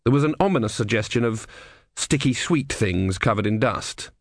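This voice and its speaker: A man's voice: medium pitch, lively intonation, moderate pace, no echo. A man narrating a comic fantasy audiobook, reading expressively and doing the characters.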